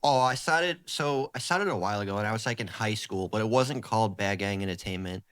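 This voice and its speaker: A man's voice: fairly low pitch, fairly quick, clear, resonant tone, no room sound. Young man with a strong Boston accent. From South Boston, USA. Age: 20s. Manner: relaxed, filler-heavy talk with many "like"s. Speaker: podcast guest, therapist and rapper. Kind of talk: casual interview chat.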